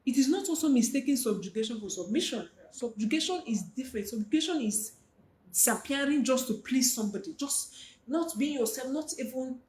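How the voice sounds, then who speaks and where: Female marriage coach, animated and direct, slightly high voice, roomy echo. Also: brisk. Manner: earnest, animated, addresses the listener directly. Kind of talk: motivational talk to young women.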